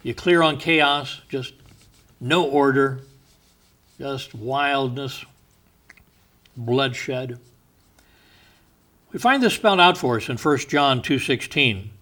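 Guy pastor preaching in church, chatty, slows way down on scripture, chuckles now and then, mid-pitch voice. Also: fairly bright tone. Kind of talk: sermon.

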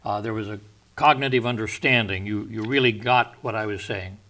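A man teaching a verse-by-verse Bible study, stressing and defining key words at a measured, deliberate pace. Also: lowish voice, sharp tone.

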